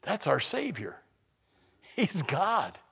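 High-pitched guy preaching, goes from quiet to real loud and fired up, lots of stops and restarts. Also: huge pitch swings, gravelly, husky. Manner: swings from quiet asides to loud impassioned preaching; halting restarts and repeated words. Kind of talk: sermon.

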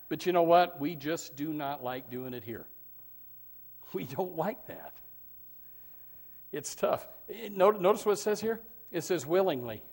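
A man preaching a sermon as pastor, who repeats his words and swings from loud, shouted points to quiet asides. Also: on the high side, expressive, unhurried, vocal fry, pauses often.

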